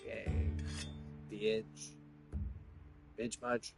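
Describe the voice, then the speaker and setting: A man's voice: on the low side, moderate pace, pauses often, over music, poor audio. A man rambling through a casual, profane story monologue, filling his talk with "like". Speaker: vlogger.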